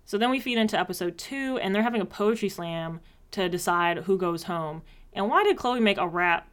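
A woman talks through a reality show episode in a relaxed, chatty way. Her voice sits at an ordinary middle pitch, and she trades quick, animated asides with her co-host. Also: clean tone. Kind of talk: casual recap chat.

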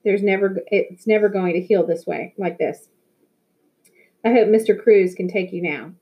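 A woman's voice: medium pitch, moderate pace, lo-fi sound, lightly acted. A woman reading a storybook aloud, voicing a firm but caring adult woman who coaches a youth soccer team, speaking in a matter-of-fact way. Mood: concerned.

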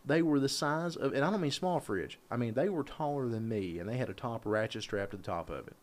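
A man telling a long, rambling story in casual podcast chat, animated and swearing freely. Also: medium pitch, fairly quick.

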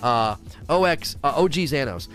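A man's voice: medium pitch, normal speed, soft background music. A man ranting and chatting on a casual gaming livestream, reading viewer questions aloud and answering them. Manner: animated, ranting, reads chat questions aloud. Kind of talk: casual gaming stream chat.

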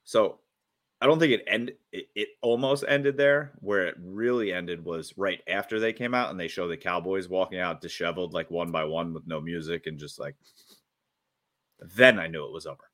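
A man with a very low voice co-hosts a casual sports podcast. He talks in an excitable, rambling way and keeps restarting his sentences as his thoughts rush ahead. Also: normal speed. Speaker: podcast co-host.

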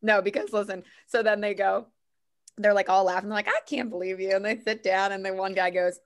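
A woman co-hosting a casual chat, telling an animated story and acting out the people in it. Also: mid-range voice, brisk. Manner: animated storyteller, acts out quotes. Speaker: podcast co-host.

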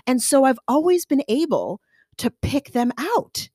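A woman's voice: fairly high pitch, big pitch swings, unhurried, darkish tone, dry recording, clean studio sound. A woman from the United States hosting a casual solo podcast, chatty and playful, who slips into accent impressions as she talks.

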